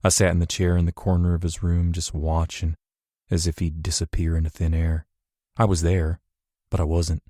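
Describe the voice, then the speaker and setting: A man reading first-person scripted narration in a measured, emotional way. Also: low-pitched, creaky, dark tone, breathy edge, no echo, studio quality. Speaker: audiobook narrator.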